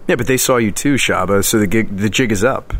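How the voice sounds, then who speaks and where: A man's voice: lowish voice, brisk, fairly bright tone. A man playing a tabletop game, chatting casually and cracking jokes. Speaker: player. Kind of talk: casual tabletop role-play chat.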